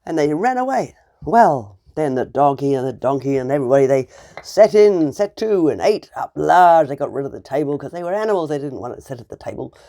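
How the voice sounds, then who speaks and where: A woman teacher tells a fairy tale to young children in an animated, playful way. Her pitch swings widely as she acts out the scenes and the animal noises. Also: brisk. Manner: animated and playful, with sound effects.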